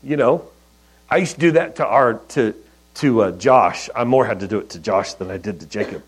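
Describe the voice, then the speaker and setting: A man preaching a sermon in a conversational, storytelling way, with soft asides. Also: fairly low pitch, expressive, normal speed, husky, low-quality recording. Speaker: pastor.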